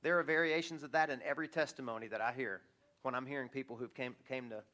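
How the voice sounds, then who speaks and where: A middle-aged man preaching a sermon as pastor, animated and chuckling, acting out the voices he quotes. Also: medium pitch, fast talker.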